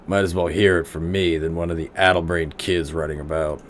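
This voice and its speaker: A man voicing a blunt, weary old male troll veteran in game dialogue, close to his own low voice. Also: flat delivery, brisk, a little hiss or hum, close to an everyday voice.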